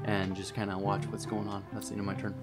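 A man playing a tabletop game, calmly describing his character's moves. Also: lowish voice, fast, music in the background. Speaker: player.

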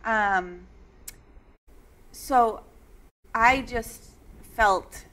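A woman's voice: fairly high pitch, extremely slow, sharp tone. A woman who is a guest author, telling her personal story in an interview in a chatty way, laughing often and using many fillers.

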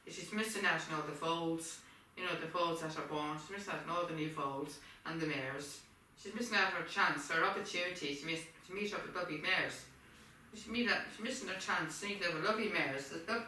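A woman's voice: on the low side, sharp tone, slight background noise. A woman rambling and repeating herself in a casual home video, with a frog in her throat. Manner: repetitive, circling back over the same points. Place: home kitchen. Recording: echoey kitchen, distant mic.

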